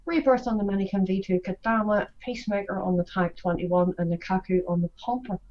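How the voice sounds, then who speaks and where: A woman's voice: medium pitch, steady tone, fairly quick. A woman co-hosting a live stream, speaking in a subdued, matter-of-fact way. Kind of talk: casual chat. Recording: dull lo-fi audio with faint hiss.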